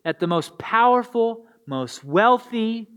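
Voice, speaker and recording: A man's voice: very high-pitched, lively intonation, slow, a bit bright. A man preaching a sermon to young listeners, earnest and posing rhetorical questions. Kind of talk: sermon to a youth audience.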